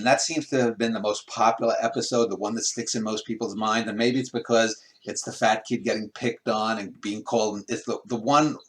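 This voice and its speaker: A man interviewing a guest over a video call, asking long rambling questions with many restarts. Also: lowish voice. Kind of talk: casual remote interview.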